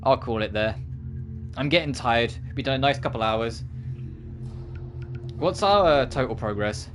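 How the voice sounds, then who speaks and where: A man wraps up a gaming stream with casual chat that drifts off onto tangents. His medium-pitched voice is expressive and unhurried, and he rambles with lots of self-corrections and asides over slight background noise.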